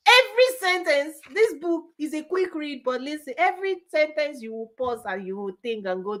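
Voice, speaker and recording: A woman business coach giving a forceful motivational talk, repeating punchy phrases and laughing often. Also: sits high, lively intonation, normal speed, hardly any pauses.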